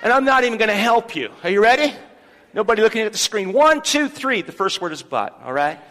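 Man, pastor, sermon, high voice, church hall reverb. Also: sing-song, brisk, some chatter behind. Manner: leads the congregation in loud call-and-response. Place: church sanctuary.

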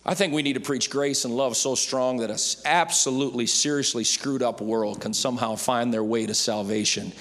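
A man preaching a sermon as pastor, swinging from loud, emphatic calls down to soft, hushed near-whispers. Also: medium pitch, fairly even intonation, normal speed, hardly any pauses, big-room sound.

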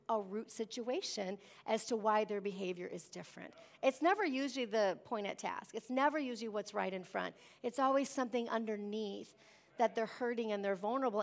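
A woman preaching a sermon, lively and emphatic, often asking the congregation "amen?". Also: fairly high pitch. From Wisconsin. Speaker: pastor.

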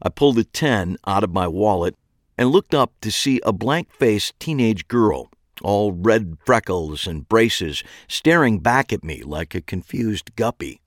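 A man's voice: on the low side, animated, a little slow, no room sound. A man narrating a first-person story in a dry, wry way.

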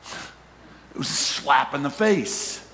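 A middle-aged man preaching a sermon as a pastor, talking conversationally and rising to shouts for emphasis. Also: medium pitch, animated, takes it slowly. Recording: hall reverb, faint ambience.

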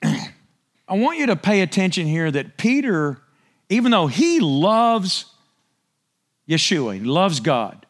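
A man giving a conversational Bible-teaching sermon, animated and storytelling, swinging his voice up and down as he acts out the scene. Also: high voice, slow, long pauses.

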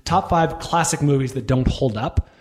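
A man's voice: mid-range voice, normal speed, noisy background. A man in his forties hosting a casual podcast, rambling with many restarts and asides. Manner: rambling, self-interrupting, lots of restarts. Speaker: podcast host. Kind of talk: casual chat.

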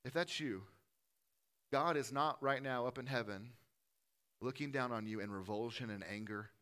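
A man preaching a sermon in a church, impassioned, building to loud lists and dropping to soft pleading. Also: medium pitch, normal speed. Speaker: pastor.

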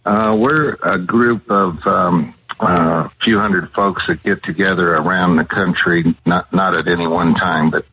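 A man from Colorado calling in to a radio show by phone, talking in a hesitant way with many pauses and fillers. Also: sits low, steady tone, breathy edge. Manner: hesitant, many ums and uhs. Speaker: phone-in guest. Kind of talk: casual radio chat. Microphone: telephone. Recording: tinny phone line.

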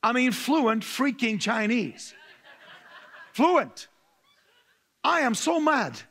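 A male preacher delivering a lively, humorous sermon. His voice sits high for a man and has a gravelly edge, and he often laughs as he tells his stories. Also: very slow. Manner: humorous, laughing, animated storytelling. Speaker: pastor.

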